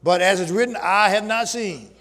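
A man preaching a sermon to his congregation, using call-and-response and shouting at the peaks. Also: high-pitched, moderate pace. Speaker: pastor. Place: church sanctuary with congregation.

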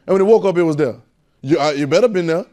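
A man's voice: a little high, lively intonation, fast, dark tone. A man teaching a Bible class in a preaching style, repeating phrases and calling out questions to the room. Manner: call-and-response, repetitive, emphatic.

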